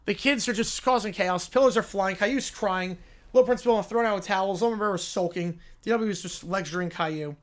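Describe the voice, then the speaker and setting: A man's voice: sits high, brisk. A man hosting a livestream, narrating a silly story in a casual, offhand way. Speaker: livestream host.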